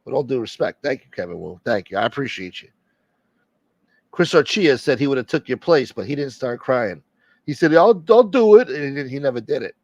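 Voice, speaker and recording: Live-stream host, a man, mid-pitched, swearing, joking, on a dull dry recording. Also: animated, brisk, dry recording. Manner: profane, joking, reading out viewer names. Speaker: livestream host. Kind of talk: casual live-stream chat.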